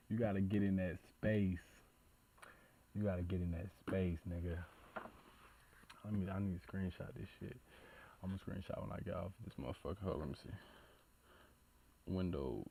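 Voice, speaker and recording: A man hosting a reaction video in casual commentary, profane and excitable, stumbling over numbers and talking to himself. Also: low voice, moderate pace, creaky, pauses often, slightly rough, narrow, tinny audio.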